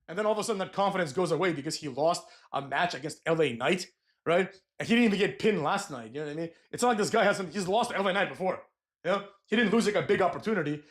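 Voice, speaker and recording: A man giving a profane, mocking rant recapping a wrestling show, ripping into wrestlers. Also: sits high. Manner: crude, mocking, ranting, mimics wrestlers in whiny voices. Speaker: wrestling commentator.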